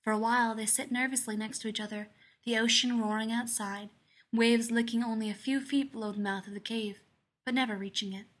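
A woman narrates a story in a soft, measured way, her voice sitting a little high. She reads the prose steadily, as a storyteller. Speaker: fan fiction reader. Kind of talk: scripted narration.

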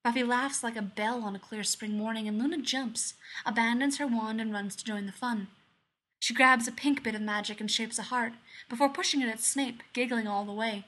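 A woman narrates a story in a soft, measured way, her voice sitting a little high. She reads the prose steadily, as a storyteller. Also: fairly even intonation. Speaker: fan fiction reader. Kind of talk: scripted narration.

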